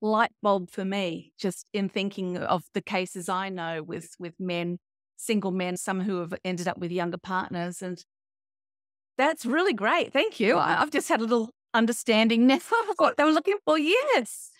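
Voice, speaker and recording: A woman's voice: medium pitch, expressive, normal speed, dry recording, clean studio sound. A woman podcast host who eagerly affirms her guest and often adds tag questions. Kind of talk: podcast interview.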